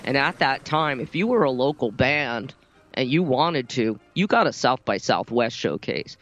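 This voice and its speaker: A man's voice: mid-range voice, expressive, a little slow, a bit bright, soft background music. A man talking casually as a podcast guest, telling rambling stories about playing in bands, with lots of fillers. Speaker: guest musician.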